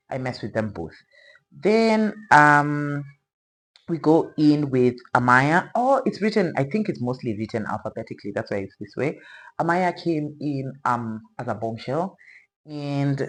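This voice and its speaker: A woman's voice: a bass voice, rough recording. A woman chatting casually as a reaction vlogger, rambling and playfully opinionated, with slang asides.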